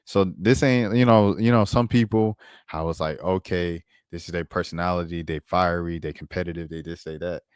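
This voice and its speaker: This sports commentary host has a low, clean-toned voice with fairly even intonation, a moderate pace and few pauses, captured dry at studio quality. Relaxed and full of slang, he drops "bro" and "dog" often and multitasks by bringing up clips mid-talk.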